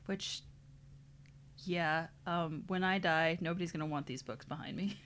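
A woman's voice: low-pitched, fairly even intonation, measured pace, a bit bright, a little hiss or hum. A married woman co-hosting a casual podcast chat, joking and chatty. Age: adult, married. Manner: chatty, jokey, puts on silly voices. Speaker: podcast co-host.

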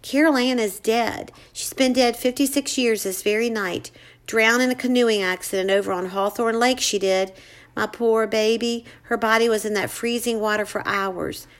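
A woman's voice: fairly high pitch, fairly even intonation, moderate pace, natural voice. Woman doing a weary grieving old mother. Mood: sorrowful. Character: weary grieving older mother, hollow and tired.

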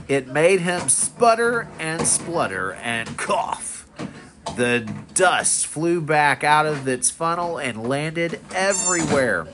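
A father reading a picture book aloud to his son, expressive with small slips. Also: fairly high pitch, noisy background. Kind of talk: bedtime storybook reading.

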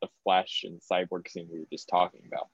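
Brief: low, gravelly-voiced male podcast guest, dry and dull lo-fi recording. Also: flat delivery, brisk, dry recording. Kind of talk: casual film review chat.

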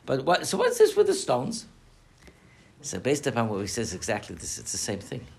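A rabbi leads a lively Torah class before a live audience, cracking jokes, posing rhetorical questions and sprinkling in Yiddish and Hebrew terms. His medium-pitched voice is gravelly, at a moderate pace.

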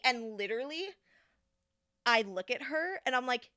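A woman's voice: fairly high pitch, moderate pace, long pauses, dry recording, studio quality. A young adult woman hosting a podcast, telling a story in a casual way and acting out the people in it. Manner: animated, quoting people in put-on voices. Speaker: podcast host.

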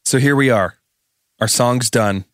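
A man's voice: mid-range voice, measured pace, no echo. A man co-hosting a podcast, chatting casually about studio production and laughing as he explains. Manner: easygoing, laughs while explaining. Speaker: podcast co-host.

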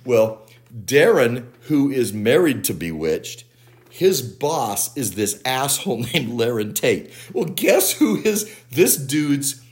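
A man chatting on a podcast, his voice rising and falling widely as he retells a story. He keeps the telling lively and laughs through the funny parts. His pitch sits in the middle for a man. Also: slow. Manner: animated storyteller, laughs while retelling plots. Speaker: podcast co-host. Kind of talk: casual episode recap chat.

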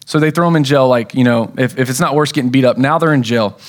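A man's voice: mid-range voice, fast talker. A man preaching a sermon as pastor, telling a story in a casual way with acted-out quotes.

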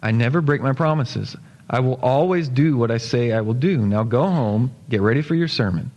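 A gentle, kindly prince in a storybook read by a man speaks calmly and reassuringly in an even, mid-range voice. A church hall's long reverb follows each phrase. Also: medium pitch, moderate pace, lo-fi sound, lightly acted. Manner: calm, reassuring. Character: kind royal male prince, calm and gentle.

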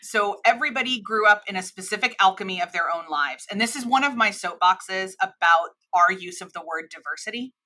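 An American woman in her thirties with a flat mid-Atlantic accent, speaking as an interview guest. Her voice is bright and forward, and she explains her points in long, animated stretches. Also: medium pitch, a little fast, few pauses. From United States. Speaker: podcast guest, cross-cultural expert. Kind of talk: conversational interview.

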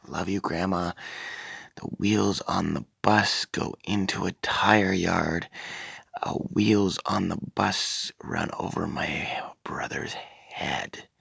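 Brief: a man doing a flustered, crude game-show contestant lady, gravelly, dry close recording. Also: low voice, fairly bright tone, no echo, full character voice. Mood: goofy. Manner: rambling, flustered, crude jokes. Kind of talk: comedic sketch character voice.

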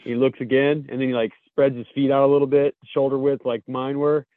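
A man's voice: mid-range voice, flat delivery, a little fast, no room sound. Blunt male co-host on a tinny line. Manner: blunt, profane, storytelling. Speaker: podcast co-host. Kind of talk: casual comedic chat.

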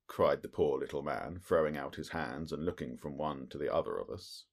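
A man narrating a classic detective story in a measured, expressive reading. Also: rumbling low, gravelly. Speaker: audiobook narrator. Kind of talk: scripted narration.

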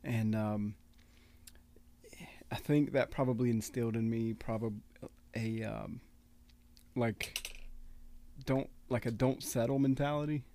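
A man in his late thirties talking in a relaxed, reflective way in casual conversation, with a gravelly edge and a habit of teasing and laughing. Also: mid-range voice, takes it slowly, pauses often, a little hiss or hum. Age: 30s. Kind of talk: casual podcast chat.

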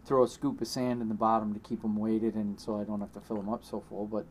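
A man's voice: on the low side, little pitch movement, a little hiss or hum. Man rambling through a casual beer chat. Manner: rambling, halting restarts, laughs easily. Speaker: podcast co-host.

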